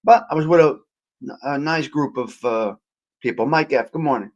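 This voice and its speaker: On a casual morning livestream, a host chats with and teases viewers by name while reading their comments, his medium-pitched voice somewhat mellow and a little rough from a long night. He talks at a moderate pace into a cheap handheld mic that moves closer and farther, and the recording sounds muffled.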